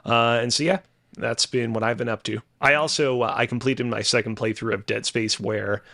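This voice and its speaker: A man's voice: mid-range voice, steady tone, normal speed, gravelly, sharp tone, dry recording, studio quality. A man co-hosting a casual gaming podcast, rambling and hedging with lots of fillers. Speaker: podcast co-host.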